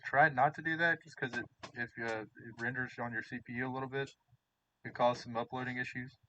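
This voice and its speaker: A man's voice: medium pitch, steady tone, fairly quick, bright, forceful tone, slight background noise, rough recording. A man chatting casually on a stream, giving helpful tech tips and joking around. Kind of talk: casual chat.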